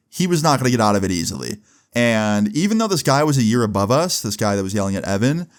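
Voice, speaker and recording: Young male YouTuber, relaxed storytime delivery, slightly low pitch, filler-heavy. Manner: relaxed, filler-heavy, keeps checking in with "right?". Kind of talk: casual storytime narration.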